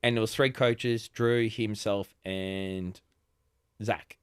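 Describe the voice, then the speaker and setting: Brief: Australian guest in his forties, lowish voice, chatty and quick to laugh, dry close sound. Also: steady tone, clear, resonant tone, no room sound. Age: 40s. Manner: chatty, laughs often, many restarts. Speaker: podcast guest. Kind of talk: casual conversation.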